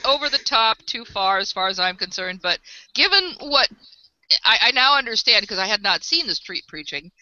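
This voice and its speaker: Man, high voice, sharp and very bright, opinionated casual chat, lo-fi call. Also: sing-song, normal speed, no echo. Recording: lo-fi online call audio.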